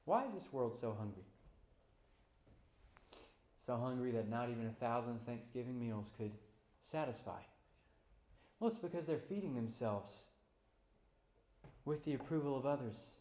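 A pastor preaching a sermon, moving between quiet, low passages and loud, high-pitched climaxes. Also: male voice, lively intonation, measured pace, pauses often, roomy sound.

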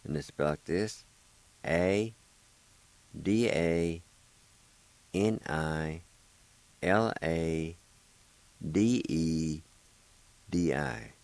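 Slow, deep-voiced man teaching a language. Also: darkish tone, dry recording, poor audio. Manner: patient, spells words out letter by letter; encouraging, repeats each word slowly. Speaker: language teacher and radio host. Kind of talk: radio language lesson.

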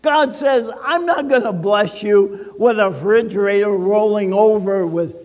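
An older man pastor delivering a sermon, telling a personal story with humor and dramatic pauses. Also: high-pitched, a little mellow, long reverb tail.

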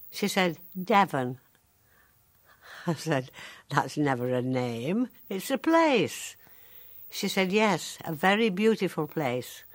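An actress playing a sharp-tongued, ninety-five-year-old woman in a care home, telling her story in a dry, deadpan, wry way with a Northern English accent. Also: sits low, exaggerated voice. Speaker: monologue character. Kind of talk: dramatic monologue.

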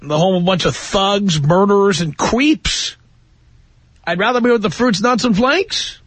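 A middle-aged man hosting a call-in radio show, blunt and sarcastic, quick to argue with callers. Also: high-pitched, a bit bright, no room sound. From New York area. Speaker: radio talk show host. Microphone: studio mic.

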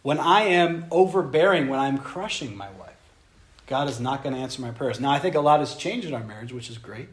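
A young man preaching a sermon on marriage to a live audience, animated and conversational, acting out little voices as he goes. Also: medium pitch, fairly quick. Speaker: pastor.

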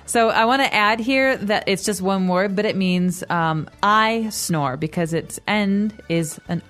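A young American woman co-hosting a language podcast, explaining patiently in a relaxed, upbeat chat and laughing easily. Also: medium pitch, measured pace, faint music behind. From United States. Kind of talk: casual teaching chat.

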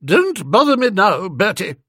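A man's voice: high-pitched, sing-song, measured pace, dry recording, studio quality, pitched above the performer's own voice, exaggerated voice. A man voicing a domineering older aunt who snaps and talks down to everyone in a haughty way. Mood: imperious. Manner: loud, snapping, haughty.

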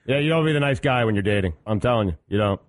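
A man's voice: on the low side, lively intonation, very fast. A male radio co-host chatting casually and stubbornly repeating his point.

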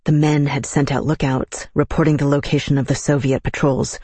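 A man narrating an audiobook in a measured, even manner. His voice is husky and mid-pitched, recorded dry and close on a studio mic. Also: dry recording.

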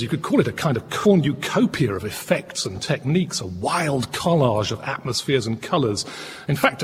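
Lively male radio presenter. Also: mid-range voice, long reverb tail, a little hiss or hum. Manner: lively, expressive explaining. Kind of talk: scripted radio music programme.

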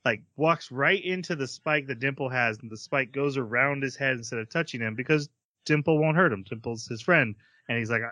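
Brief: bright, dry-sounding male co-host, lively recap storyteller. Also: mid-range voice, fairly quick, no echo. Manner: animated storyteller, acts out character quotes. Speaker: podcast co-host. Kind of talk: casual anime recap chat.

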